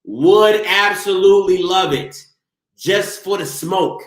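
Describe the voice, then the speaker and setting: Host, male, high lively voice ranting on a live stream from an echoey room. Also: takes it slowly. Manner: animated, talks over himself, mocks viewers. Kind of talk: live-stream sports rant.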